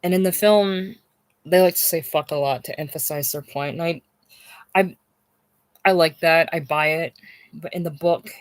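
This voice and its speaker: A person rambling about a novel in an unscripted monologue, halting and repeating words, circling back to a point and swearing for emphasis. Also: mid-range voice, no room sound. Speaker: book discussion host.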